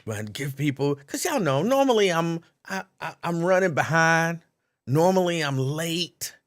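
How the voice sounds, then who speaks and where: A man's voice: fairly high pitch, very animated, measured pace. A man hosting a live call-in stream, chatting casually, reading out viewers' names and laughing easily.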